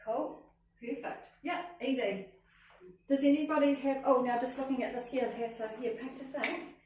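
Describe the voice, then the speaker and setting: A woman's voice: sits high, steady tone, moderate pace, a little mellow. A woman leading a hands-on teaching workshop as a literacy trainer, upbeat and often checking in with "okay?" and "cool?". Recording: echoey room, mic at a distance, faint noise.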